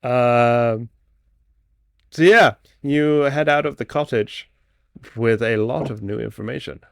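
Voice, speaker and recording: A man running a tabletop role-playing game as game master, narrating in a halting way with many restarts and laughs. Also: medium pitch, gravelly, no echo, clean studio sound.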